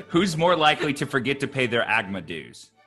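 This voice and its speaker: A man's voice: mid-range voice, big pitch swings, a little fast, pushed and bright, soft background music. A man hosting a casual web show, upbeat and chatty with loose fillers. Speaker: show host.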